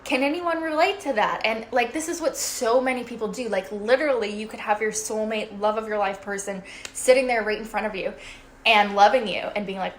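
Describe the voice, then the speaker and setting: A woman's voice: on the high side, a little fast, a little hiss or hum. A woman life coach giving a casual motivational talk to a livestream audience, chatty and swearing freely, tagging nearly every thought with "right?".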